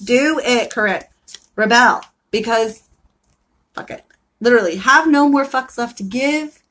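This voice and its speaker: A woman with a somewhat high voice, doing a livestreamed tarot reading. She talks in a loose, brash way, peppered with profanity, and swings into rowdy motivational pep talks. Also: unhurried, a bit bright. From Florida, US. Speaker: tarot card reader. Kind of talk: live-streamed card reading.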